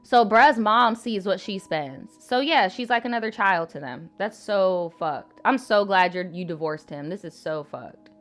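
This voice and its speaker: A woman's voice: mid-range voice, measured pace, hardly any pauses, faint music behind. A young woman hosting a live advice stream, talking bluntly and animatedly with plenty of swearing. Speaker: live advice show host.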